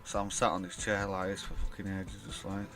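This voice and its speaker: A young man with a fairly low voice tells a long personal story in a loose, rambling vlog style. He swears freely and slips into the voices of the people he quotes. Faint music plays softly behind him. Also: monotone, brisk. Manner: rambling, swears a lot, acts out quoted dialogue. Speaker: vlogger. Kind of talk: casual storytime monologue.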